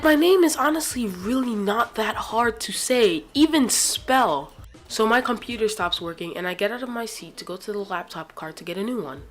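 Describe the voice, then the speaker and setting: A woman vlogger tells a story as a sarcastic, swear-filled rant. Her voice sits at a middling pitch for a woman. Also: fairly bright tone. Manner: profane, sarcastic ranting.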